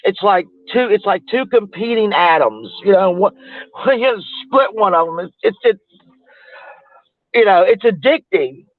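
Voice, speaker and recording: A man's voice: sits high, lively intonation, measured pace, dry recording. A man chatting casually on a livestream, rambling and greeting viewers as he goes. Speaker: livestream host. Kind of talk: casual chat commentary. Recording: tinny phone-like, dry.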